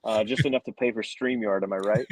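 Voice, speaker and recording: A man's voice: lowish voice, steady tone, fast, dry recording, rough recording. A man co-hosting a sports podcast from the arena, chatty and swearing, laughing easily. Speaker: podcast co-host. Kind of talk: casual sports podcast chat. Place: at an arena after a game.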